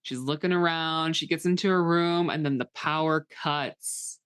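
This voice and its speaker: A woman co-hosting a podcast, recapping a film in a blunt, animated, casual way with some swearing. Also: sits low, moderate pace, clear, resonant tone, no echo. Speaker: podcast co-host. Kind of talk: casual chat.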